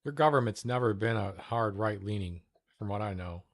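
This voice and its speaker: A man's voice: lowish voice, normal speed, dry recording. A man hosting a livestream, chatting casually and cursing offhandedly while he reacts to videos. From United States. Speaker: streamer host.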